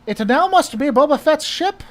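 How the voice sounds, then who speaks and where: A man's voice: very high voice, animated, moderate pace, a bit bright, voice pushed up. A man putting on a stern male Nazi SS officer with a mock German accent. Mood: barking.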